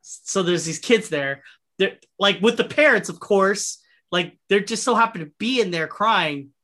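A man's voice: sits high, expressive, unhurried, sharp tone. A man in casual podcast chat, telling a rambling, profane anecdote and acting out the people in it. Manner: rambling, profane, acts out voices in his anecdotes.

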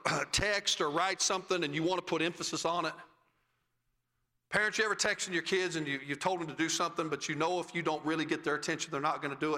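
A middle-aged man preaching a sermon, swinging between loud, high climaxes and low, quiet phrase endings. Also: big-room sound. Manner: preaching cadence, rising to shouts and dropping low at phrase ends. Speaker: pastor. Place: church sanctuary.

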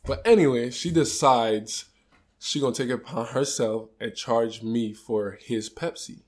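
A man in a relaxed podcast chat, spinning stories with dry jokes and laughing as he goes. His voice sits in the ordinary middle for a man. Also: mid-range voice, unhurried. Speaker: podcast co-host. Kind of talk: casual storytelling chat.

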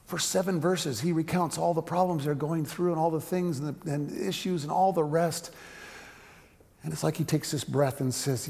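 Gravelly man preaching in a reverberant hall. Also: fairly high pitch, fairly even intonation, moderate pace. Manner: storytelling with rhetorical questions, drops to a hushed voice. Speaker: pastor. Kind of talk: sermon.

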